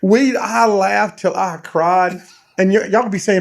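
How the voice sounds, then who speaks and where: A man's voice: sits high, steady tone, takes it slowly, creaky. A man, a pastor hosting a podcast, telling a story in a casual way and laughing through it.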